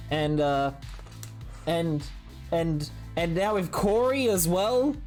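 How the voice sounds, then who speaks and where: A woman with a low voice chats on a live stream, swinging her pitch up and down as she plays at being outraged. She is excitable and teasing with her viewers, and faint music runs underneath her. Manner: playful mock outrage, excitable. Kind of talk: casual live-stream chat while building.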